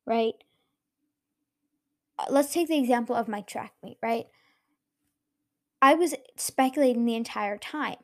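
A woman's voice: on the high side, a little mellow. A young woman hosting her own podcast, talking casually and earnestly, encouraging her listeners directly. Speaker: podcast host. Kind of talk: casual solo podcast talk.

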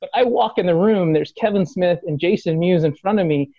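Talking a little fast, a man hosting a podcast animatedly recounts a fan story, acting out quotes in a rising pitch, swearing and laughing along the way. The recording is echo-free but sounds dull.

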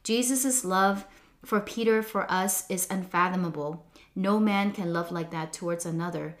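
Woman, low-ish voice, earnest, reflective, measured devotional reading. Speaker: devotional speaker.

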